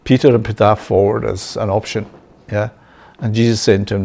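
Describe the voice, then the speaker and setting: A man's voice: lowish voice, flat delivery, a little fast, creaky, darkish tone. A man giving a sermon-style Bible lesson, often checking in with "yeah?" and "right?" and chuckling. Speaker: Bible teacher.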